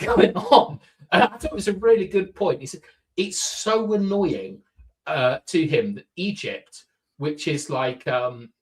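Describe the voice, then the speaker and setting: A man's voice: on the high side, a bit bright, poor audio. A man chatting casually as a podcast guest, opinionated and full of fillers, from the countryside. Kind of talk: casual chat.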